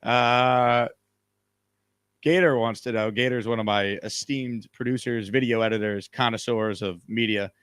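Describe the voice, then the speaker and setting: A man's voice: medium pitch, fairly even intonation, a little slow, fairly bright tone, clean tone, dry recording, studio quality. Upbeat man hosting a live stream. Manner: upbeat, reads out viewer comments. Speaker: show host. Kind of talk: casual live-stream chat. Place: hotel room.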